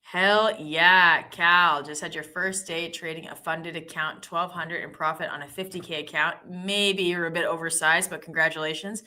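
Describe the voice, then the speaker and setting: Bright-voiced woman hosting a trading stream. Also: sits low, fairly even intonation, normal speed, few pauses. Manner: chatty, giggly, self-deprecating. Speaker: live trading stream host. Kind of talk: casual live-stream chat.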